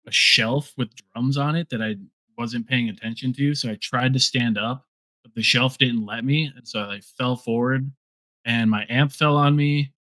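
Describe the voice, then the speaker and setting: A man's voice: medium pitch, steady tone, normal speed, sharp tone, dry recording. A man who is a musician guest on a podcast, recounting a story in laid-back casual chat with many hesitant fillers.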